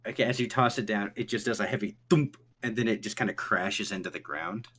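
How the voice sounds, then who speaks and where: Low, bright-voiced game master. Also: male voice, fairly quick. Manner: rambling, hedging with fillers. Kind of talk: narrating a tabletop game.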